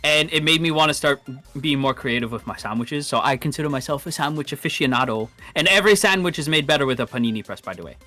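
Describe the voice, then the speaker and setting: A man's voice: a little high, animated, quick pace, bright, forceful tone, faint music behind. A man chatting casually as a guest on a cooking stream, eager and rambling, poking fun at himself. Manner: eager, rambling, self-deprecating. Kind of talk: casual chat.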